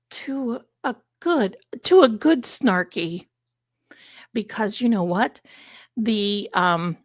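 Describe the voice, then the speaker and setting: A woman hosts her own live stream in an unhurried, chatty way, full of asides and pet names for her viewers. Her voice is a little congested from allergies. The sound is dry and close, with no room around it. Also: mid-range voice, no room sound. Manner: chatty, theatrical, addresses viewers as darlings. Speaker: livestream host. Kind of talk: casual livestream chat.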